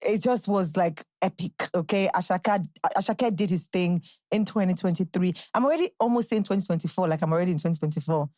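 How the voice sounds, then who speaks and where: A woman's voice: on the low side, a little fast, few pauses, mellow, no room sound. A young Nigerian woman hosting a podcast, chatting casually and bubbly, dropping into playful quotes and impressions. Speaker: podcast host. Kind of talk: casual solo podcast chat.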